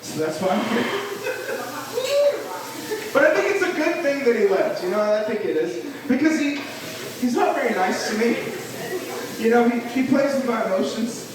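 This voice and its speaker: A young man doing self-deprecating, animated stand-up at an open mic in a small club. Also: extremely high pitch, normal speed, long pauses, recorded from a distance, crowd noise. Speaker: comedian. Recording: echoey club, mic heard from afar.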